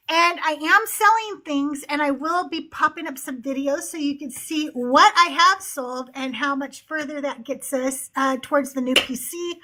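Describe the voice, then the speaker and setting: A woman's voice: high-pitched, sharp tone. A woman hosting a casual livestream chat, chatty and upbeat, often laughing as she talks to her viewers. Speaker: livestream host.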